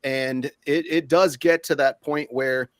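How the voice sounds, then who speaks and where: A man co-hosting a livestream over a video call, talking in a relaxed, supportive way with many fillers. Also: medium pitch, a little slow, smooth, no room sound, studio quality. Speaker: co-host.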